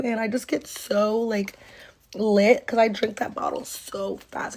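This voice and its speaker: A woman's voice: medium pitch, flat delivery, unhurried, darkish tone. Rambling young woman telling a storytime. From North Carolina, US. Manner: rambling, filler-heavy, profane, acts out quoted lines. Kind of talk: casual storytime monologue.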